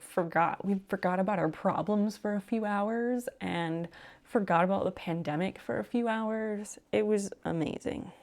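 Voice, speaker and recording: A chatty woman streamer telling a story in a relaxed live chat. Her voice sits fairly low and carries a gravelly fry. She talks with plenty of fillers and swears now and then. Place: home room while sewing on a live stream.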